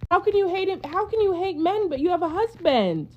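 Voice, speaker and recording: A woman's voice: very high voice, expressive, fairly quick. A woman ranting to camera, exasperated, firing off rhetorical questions, on a dull lo-fi recording.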